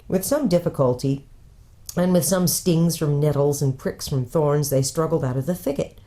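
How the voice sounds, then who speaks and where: Low-voiced woman pastor reading aloud. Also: moderate pace, mellow. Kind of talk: reading a children's book aloud.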